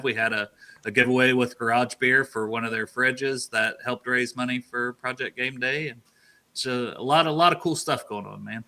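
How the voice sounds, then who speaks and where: A man's voice: medium pitch, sharp tone. A man guesting on a casual sports podcast, talking in an easygoing, teasing way.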